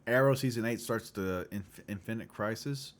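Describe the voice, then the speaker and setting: A man hosting a casual livestream chat, loose and profane, who often clears his throat. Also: on the low side, normal speed. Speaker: livestream host.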